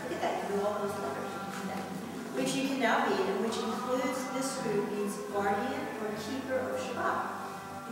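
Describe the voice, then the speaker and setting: A woman teaching a Hebrew class, lively, often laughing and repeating herself. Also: medium pitch. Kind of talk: classroom lesson. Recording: echoey room from far off.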